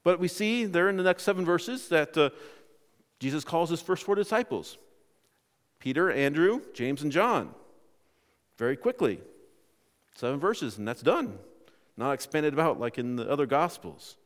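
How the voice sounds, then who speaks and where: A man preaching a sermon in a conversational, animated way, often restarting his phrases. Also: fairly high pitch, normal speed, pauses often, long reverb tail. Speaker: pastor.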